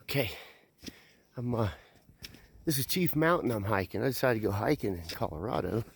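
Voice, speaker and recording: A man's voice: mid-range voice, moderate pace, vocal fry, husky. Winded man vlogging on a mountain hike. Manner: rambling, swears freely, excited about the views. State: out of breath. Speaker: truck driver vlogger. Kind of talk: casual vlog while hiking. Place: outdoors on a mountain trail.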